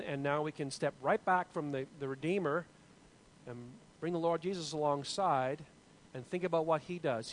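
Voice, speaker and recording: A man's voice: a little high, slight background noise, rough recording. A man in his forties giving an informal Bible lesson, asking the class questions and often restarting his sentences. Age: 40s. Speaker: Bible teacher.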